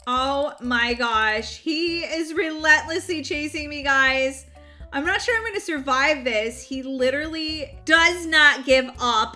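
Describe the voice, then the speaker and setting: A woman's voice: high voice, takes it slowly, pushed and bright, soft background music. A young woman commenting on a game as she plays, exclaiming often and talking to her viewers. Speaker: game channel host. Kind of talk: excited gameplay commentary.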